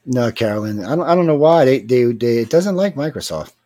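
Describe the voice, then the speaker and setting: A man's voice: mid-range voice, very animated, fairly quick, mellow, no echo. A man with a Louisiana accent hosts a casual livestream in a loose, joking way, chatting and reading comments. His voice is close and dry on the mic, with no room sound behind it. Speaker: podcast host.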